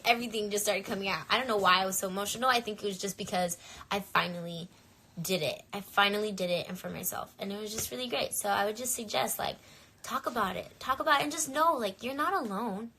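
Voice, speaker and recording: A woman's voice: a little high, fast talker, bright, forceful tone, a little hiss or hum. A young woman talking candidly to viewers on a phone livestream, chatty and full of fillers. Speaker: singer on a livestream. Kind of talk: casual livestream chat.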